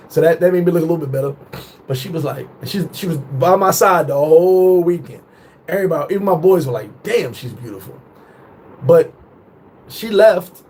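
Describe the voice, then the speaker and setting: A man in his thirties tells a story in a relaxed, unscripted vlog, animated and swearing freely as he slips into voices for the people he describes. His voice sits a little high for a man. Faint noise hangs behind him. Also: rough recording. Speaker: vlogger. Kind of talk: casual storytelling.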